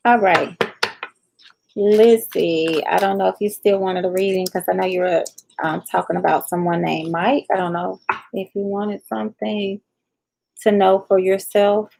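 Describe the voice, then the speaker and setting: A woman's voice: mid-range voice, fairly even intonation, a little slow, gravelly, a little mellow, low-quality recording. A woman hosting a live tarot reading, chatting casually and speaking straight to viewers by name.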